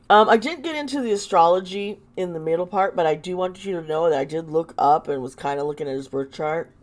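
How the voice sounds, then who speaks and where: Slow-talking woman with a low voice. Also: a little mellow. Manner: halting, restarts, sighs, exclaims at cards. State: sore throat, lozenge in mouth. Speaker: tarot reader and channel host. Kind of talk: casual tarot reading commentary.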